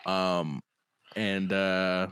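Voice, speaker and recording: A man's voice: sits low, flat delivery, very slow, fairly bright tone, clear, resonant tone, no echo. A man co-hosting a podcast, chatting casually and rambling through a show recap while laughing often. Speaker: podcast co-host. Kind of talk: casual chat.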